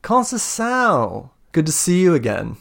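A menacing female commander speaks with silky, patronizing insistence, as a man puts her on in a raised voice. Her threats come smooth and unhurried in a tabletop game. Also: fairly high pitch, huge pitch swings, fairly bright tone, pitched above the performer's own voice, heavily acted. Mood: silkily menacing.

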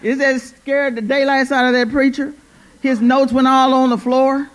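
A woman's voice: high voice, little pitch movement, moderate pace. A woman preaching a church sermon, repeating her phrases and calling "Amen?" to the congregation. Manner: fervent, repeats phrases, call-and-response "Amen?". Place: church service.

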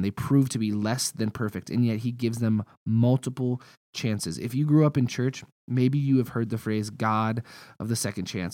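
A man's voice: mid-range voice, darkish tone, no echo. A young man preaching a sermon in a casual, conversational way, telling personal stories.

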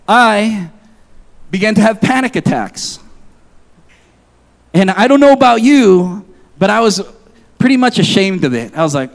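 A man in his forties preaches a sermon with a high, bright-sounding voice that swoops up and down in pitch. He moves between reading scripture and telling a personal story, joking and confessional, his voice jumping up in excited asides. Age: 40s. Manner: animated, jokey, confessional storytelling. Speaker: pastor.

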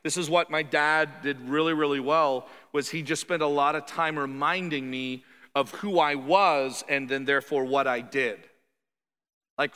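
Animated pastor preaching in a hall. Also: male voice, fairly high pitch, a little slow, clear, resonant tone. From Canada. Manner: conversational, animated, shifts into quoted voices. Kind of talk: sermon.

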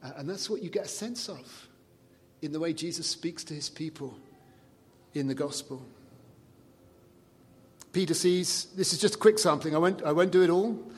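A man preaching a sermon in a conversational way, dropping soft and low to quote scripture. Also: normal speed, long pauses. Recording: long reverb of a large hall.

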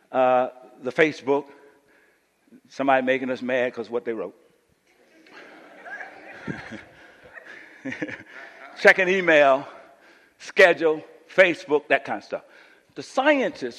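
Lively high-voiced preacher man in a hall. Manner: animated preaching, rising to near shouts. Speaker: pastor. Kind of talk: sermon. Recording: long church-hall reverb.

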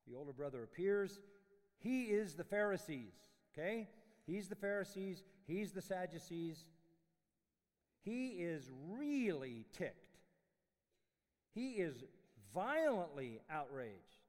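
A man preaching a sermon in a university chapel, emphatic, swinging from loud declarations to hushed lines. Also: high voice, very animated, takes it slowly, in a large hall. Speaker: pastor.

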